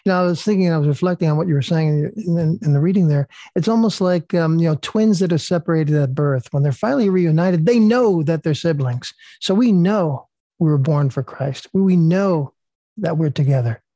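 An emphatic man joins a prayer group discussion, repeating words as he gathers his thoughts. His voice is slightly higher than usual for a man yet dark and mellow, heard dry and close. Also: brisk, no room sound.

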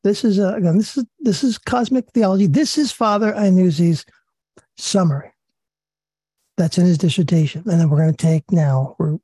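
Male study leader, raspy and mellow, earnest reading with asides, dry sound. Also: fairly high pitch, dry recording. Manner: earnest, repeats himself, pauses with fillers. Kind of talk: religious study talk, reading and commenting.

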